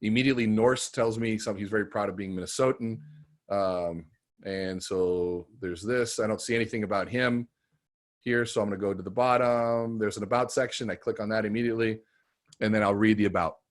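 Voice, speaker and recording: A middle-aged man coaching salespeople in a live online training session, telling stories with big swings between loud bursts and quiet, emotional moments. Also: on the low side, fairly even intonation, fairly quick.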